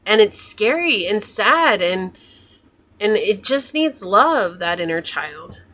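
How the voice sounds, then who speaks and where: Bright-voiced woman reading tarot. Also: mid-range voice, sing-song, slow pace. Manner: musing, soft-spoken, often trails off and corrects herself. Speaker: tarot reader. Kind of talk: pick-a-card tarot reading.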